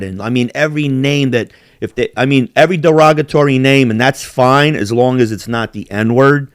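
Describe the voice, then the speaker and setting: A man's voice: mid-range voice, normal speed, few pauses, clear, resonant tone, dry recording, clean studio sound. A man hosting a podcast, talking in heated, profanity-laden rants with big swings in emphasis. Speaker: podcast host. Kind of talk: casual heated chat.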